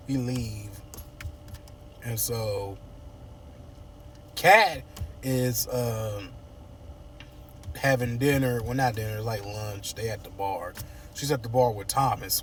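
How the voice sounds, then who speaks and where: A man chats through a soap opera recap, slipping into the characters' voices and joking at his own asides. His voice sits in an ordinary middle register. He is a little far from the mic, with faint noise in the background. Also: mid-range voice. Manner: animated, playful, acts out characters' lines. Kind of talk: casual recap chat.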